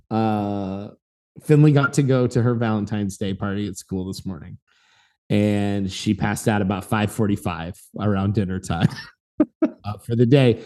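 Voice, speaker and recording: A man in his thirties co-hosting a podcast, telling a story in a lively, casual way and acting out the voices in it. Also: on the low side. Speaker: podcast co-host.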